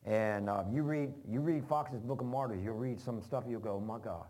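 A man's voice: medium pitch, normal speed, dark tone. A man preaching an informal sermon, folksy and rambling, repeating phrases for emphasis. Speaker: pastor.

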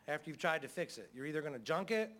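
A man's voice: on the high side, big pitch swings, fast talker, fairly bright tone. A middle-aged man preaching a sermon as pastor, in a folksy, conversational way with frequent calls of amen.

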